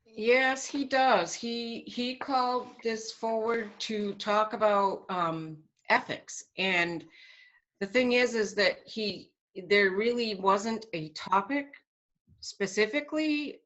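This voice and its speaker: A woman's voice: mid-range voice, slow pace, a bit bright. A woman psychic medium talking in a casual group chat, upbeat with many fillers. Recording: lo-fi call audio.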